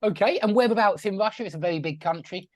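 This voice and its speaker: A man's voice: high-pitched, fast, dry recording, clean studio sound. A man teaching an online English class over a video call, friendly and chatty, asking his students questions.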